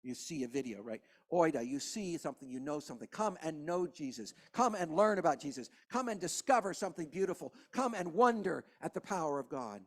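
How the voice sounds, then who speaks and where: A man, preaching a sermon as pastor, impassioned, with hushed passages and rising emphasis. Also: a little high, lively intonation, fairly quick, few pauses. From Kentucky.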